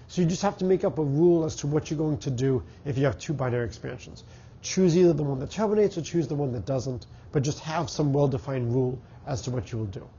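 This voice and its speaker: A man's voice: fairly high pitch, fast, warm tone, husky, muffled recording. A middle-aged man with a Boston accent and a stuffy, congested voice, giving a university math lecture and thinking aloud with fillers and restarts. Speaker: math professor. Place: lecture hall.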